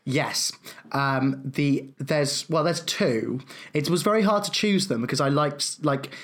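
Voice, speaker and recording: Male co-host, higher register, eager, halting, casual film chat. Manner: enthusiastic, hesitant with fillers. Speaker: podcast co-host.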